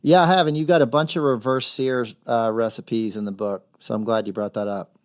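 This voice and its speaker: A man's voice: mid-range voice, fairly even intonation, a little fast. A man hosting a podcast interview, asking questions and giving short, affirming replies. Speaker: podcast host. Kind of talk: casual interview chat.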